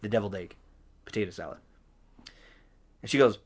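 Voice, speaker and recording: A young man tells a work story on a casual podcast, animated and quick to slip into quoted voices for the people in it. He talks into a home podcast mic. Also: on the low side, breathy edge. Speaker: podcast co-host.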